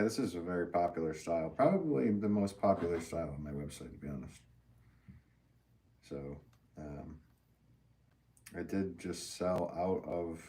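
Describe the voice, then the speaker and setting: A Connecticut potter with a low male voice hosts a livestream from his pottery studio, chatting casually while he works. He's relaxed and chatty, reading viewer comments aloud with little laughs.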